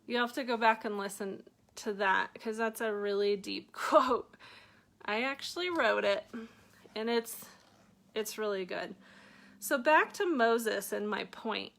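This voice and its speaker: A woman reading her own book aloud at a middle pitch. She keeps breaking off for chatty, joking remarks and laughs at her own lines before going back to the page. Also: a little slow, gravelly, a bit bright. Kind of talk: reading aloud with offhand asides.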